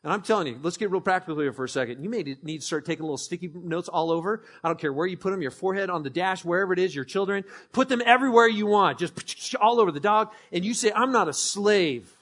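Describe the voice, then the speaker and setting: A man's voice: high voice, fast talker, few pauses. A man preaching a sermon as pastor, emphatic, repeating phrases and leading the congregation in call-and-response. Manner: emphatic, swings from hushed to ringing, repeats phrases.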